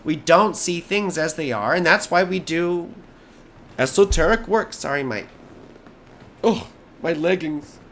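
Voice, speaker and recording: A hoarse American man doing a live astrology chart reading, rambling and easily sidetracked, with jokey asides. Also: on the high side, expressive, measured pace, pauses often, fairly bright tone, a little hiss or hum.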